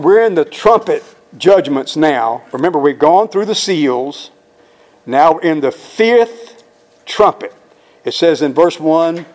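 A man's voice: fairly high pitch, a little mellow. A man teaching the Bible verse by verse in an emphatic, conversational way, often putting questions to his listeners.

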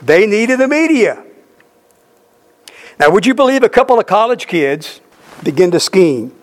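A man's voice: sits high, animated, measured pace, pauses often. A middle-aged man preaching a sermon, telling a story emphatically with repeated phrases.

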